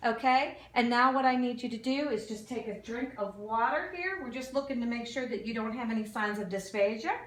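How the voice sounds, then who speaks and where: A nursing student demos a clinical exam, giving steady step-by-step instructions calmly and with fillers. Her fairly high voice moves a little fast with few pauses, picked up from far off in an echoey room with faint room noise behind her.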